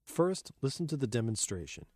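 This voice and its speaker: A man gives a calm, measured music-lesson narration, every word clear and paced for learners. He counts beats aloud in steady rhythm. The recording is close and dry, with no room sound around him. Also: mid-range voice, no echo. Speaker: keyboard instructor. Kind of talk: scripted instructional narration.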